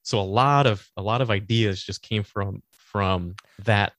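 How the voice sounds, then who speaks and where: A man's voice: on the low side, unhurried, fairly bright tone, no echo, studio quality. A man co-hosting a casual podcast chat, rambling with many restarts. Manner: rambling, restarts often, laughs easily. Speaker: podcast co-host.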